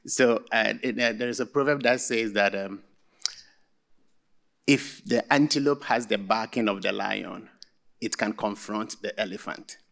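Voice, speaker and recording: A man's voice: fairly low pitch, measured pace, gravelly. A man moderating a panel discussion, thanking the panelists effusively and leading into questions. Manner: warm, effusive thanks with a proverb.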